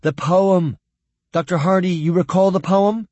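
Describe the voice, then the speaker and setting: A man's voice: sits high, fairly even intonation, measured pace, darkish tone, dry recording, highs cut off, voice pushed up. A man voicing an insistent alien who keeps protesting that the old tales are true. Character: alien male Moti insisting on legends.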